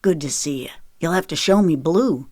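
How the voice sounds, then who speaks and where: Cash, a young man home from life on the road, greets his family with relaxed, fond banter in an audiobook romance, as a woman narrator reads him. Her voice stays low and dry, with no echo around it. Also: normal speed. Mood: affectionate. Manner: easy, affectionate joking.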